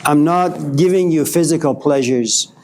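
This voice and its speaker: Male philosophy professor, animated storyteller in class, voice a bit high, light background noise. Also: unhurried. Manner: animated storytelling, acting out dialogues with students. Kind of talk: classroom lecture.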